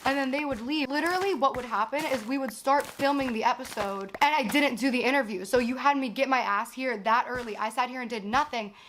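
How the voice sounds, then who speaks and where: A woman's voice: high voice, brisk, few pauses, slight background noise. Exasperated woman telling a story with frequent swearing. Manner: animated, exasperated, swears often. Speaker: actress recounting a production. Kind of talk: casual storytelling.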